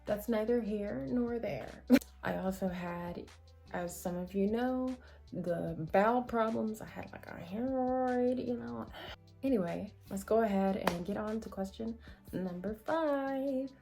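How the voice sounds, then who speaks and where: A woman's voice: medium pitch, gravelly, mellow. Woman vlogger, casual and candid, mid-range voice, rambling with asides, faint music bed. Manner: chatty and candid, with rambling asides and self-corrections. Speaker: vlogger answering viewer questions. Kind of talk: casual chat to camera.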